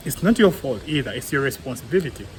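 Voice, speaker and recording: A man's voice: mid-range voice, lively intonation, fast talker, slight background noise, rough recording. A young man with a Ugandan English accent, co-hosting a casual discussion podcast and arguing his view earnestly with everyday examples and many fillers. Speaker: co-host, clinical psychologist.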